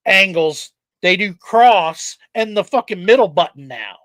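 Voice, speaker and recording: Speaking at a measured pace in a high-pitched voice, this man hosts a laid-back podcast and spins an animated tale packed with profanity. There's no echo on the recording.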